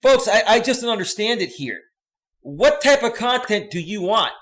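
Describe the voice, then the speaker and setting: Male streamer, high-pitched, angry profane rant to viewers. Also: sing-song, normal speed, a bit bright. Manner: profane, heated, repetitive ranting. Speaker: livestream host and coach.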